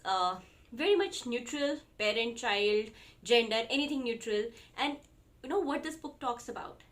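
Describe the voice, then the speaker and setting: Chatty Indian English woman reviewing books. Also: fairly high pitch. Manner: chatty, with many fillers and restarts. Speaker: parenting vlogger. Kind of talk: casual book review.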